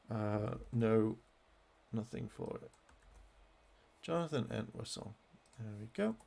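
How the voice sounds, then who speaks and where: Man, angry vlog rant, gravelly creaky voice, swears constantly, heated halting restarts. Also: on the low side, lively intonation, dark tone. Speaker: fan vlogger. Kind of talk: angry rant while browsing web pages.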